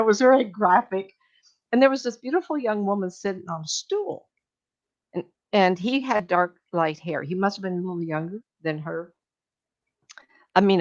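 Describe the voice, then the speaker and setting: Older woman telling meandering stories, lo-fi. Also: fairly low pitch. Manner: chatty, meandering storytelling with laughs and acted-out quotes. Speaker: medium speaking to an audience. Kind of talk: storytelling talk to a live audience. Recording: dull lo-fi recording.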